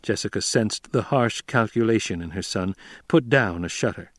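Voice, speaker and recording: Measured male audiobook narrator. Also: fairly low pitch, no echo, studio quality. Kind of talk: scripted narration.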